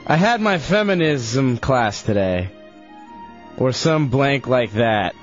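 A man's voice: medium pitch, animated, slow. A young man on a radio show reading his old diary aloud in a sloppy, laughing, drunken-sounding way. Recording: dull lo-fi radio broadcast with faint music.

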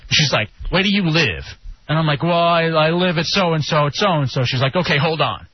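A man co-hosting a radio show, telling a story in a casual, animated way and jumping up in pitch when he gets indignant. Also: moderate pace, a little hiss or hum. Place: radio studio. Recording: dull lo-fi radio broadcast.

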